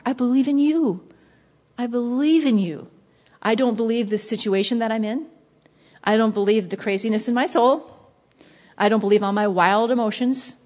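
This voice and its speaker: A woman preaching with passion, slipping into hushed whispers and then surging with intensity. Her voice sits on the high side and the recording sounds dull and lo-fi. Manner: passionate, shifting between soft whispers and bursts of intensity. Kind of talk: devotional sermon.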